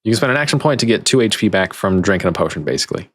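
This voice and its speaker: Laid-back low-voiced male game master. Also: very fast, breathy edge, dry recording, studio quality. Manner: relaxed, affable rules explanations with fillers. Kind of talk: running a tabletop game online.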